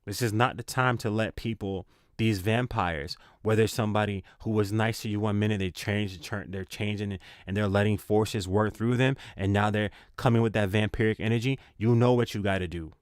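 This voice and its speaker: A man's voice: on the low side, steady tone, normal speed, hardly any pauses, clear, resonant tone, no room sound, clean studio sound. A man giving a spiritual tarot reading in a casual, slangy, encouraging way, repeating himself for emphasis. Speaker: tarot reader.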